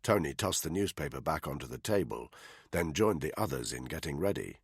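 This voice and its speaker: A man narrating a thriller audiobook in a measured, expressive way. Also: a bass voice, gravelly, breathy edge, dry recording, studio quality. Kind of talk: scripted narration.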